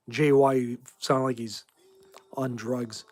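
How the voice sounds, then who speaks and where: A man's voice: mid-range voice, steady tone, extremely slow, a little mellow. A tired man in his forties from Massachusetts, hosting a casual livestream and talking bluntly and in rambling fashion as he answers chat. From Massachusetts, USA. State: tired, short on sleep.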